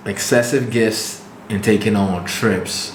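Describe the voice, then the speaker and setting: A man's voice: on the low side, fairly even intonation, slow, reverberant, a little hiss or hum, poor audio. A man co-hosting a podcast in casual chat, explaining his points bluntly. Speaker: podcast co-host.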